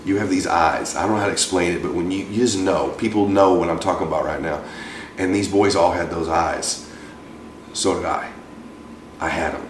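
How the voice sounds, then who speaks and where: A man in his forties, a guest in an interview, telling a personal story with lively acted-out voices for the people in it. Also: low-pitched, brisk, distant mic, slight background noise. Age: 40s. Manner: animated storyteller acting out quoted voices. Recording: roomy, from off-mic.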